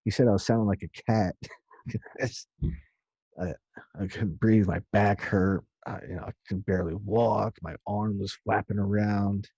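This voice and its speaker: Low husky guy telling his own story, rambly and sweary, dull flat recording. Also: unhurried, no room sound. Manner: loose and rambling, with profanity. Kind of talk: casual personal storytelling.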